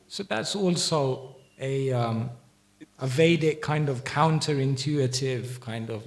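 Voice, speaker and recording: A man's voice: a little high, a little slow. Reflective man answering a class question. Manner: reflective, conversational, with restarts. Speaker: spiritual teacher. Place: temple hall.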